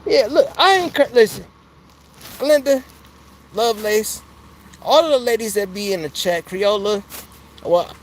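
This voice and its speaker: A man's voice: high voice, expressive, unhurried, pauses often, a little hiss or hum. A man hosting a casual live stream from outside his home, talking into a phone in a rambling, slangy way and laughing often. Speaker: livestream host.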